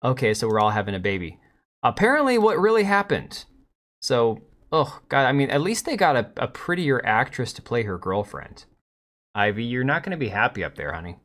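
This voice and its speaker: A man's voice: medium pitch, sing-song, normal speed, fairly bright tone. Sarcastic man streaming live commentary. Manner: sarcastic, mocking, chats to viewers and his cat. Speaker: streamer host.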